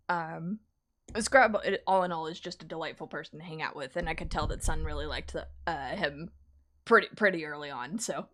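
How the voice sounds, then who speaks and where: A woman artist chatting casually on a live stream while drawing, animated and laughing often. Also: sits low.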